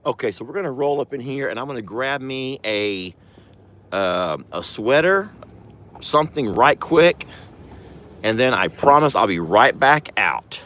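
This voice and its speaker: A man's voice: expressive, a little slow, pushed and bright. A man hosting a casual farm vlog, sweet-talking his animals. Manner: coos at animals in sweet, high baby talk. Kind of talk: casual chat.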